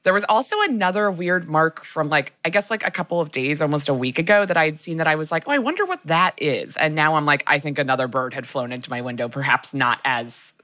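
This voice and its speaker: A woman's voice: deep voice, expressive, quick pace, few pauses, bright, forceful tone, no room sound, clean studio sound. A woman co-hosting a podcast in casual chat, telling rambling stories full of fillers. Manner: rambling, filler-heavy storytelling. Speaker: podcast co-host.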